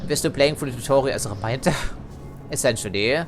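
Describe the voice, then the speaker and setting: A man's voice: mid-range voice, fast, a little hiss or hum. A man giving casual let's play commentary, chatty, hedging and dryly critical as he plays.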